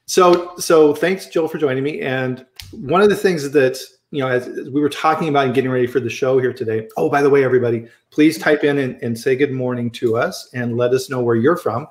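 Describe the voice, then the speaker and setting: A man's voice: medium pitch, fairly quick, hardly any pauses. A man hosting a casual live-stream chat, upbeat and chatty, greeting viewers and his guest. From American Midwest. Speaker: livestream host. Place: home studio, Colorado. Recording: roomy echoey home room.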